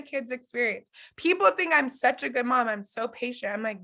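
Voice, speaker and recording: Speaking at normal speed with lively intonation, a thirtysomething online coach casually and candidly teaches her challenge group on a live stream. She talks straight to her viewers, using plenty of fillers. Her fairly high voice has vocal fry and sounds pushed and bright.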